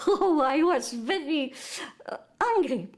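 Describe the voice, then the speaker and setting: Older Belgian French-accented woman, French native, slow unhurried delivery, halting, hunting for English words. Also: sits high, animated. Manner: halting, searches for English words, many restarts. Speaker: interviewee. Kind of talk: recounting wartime memories.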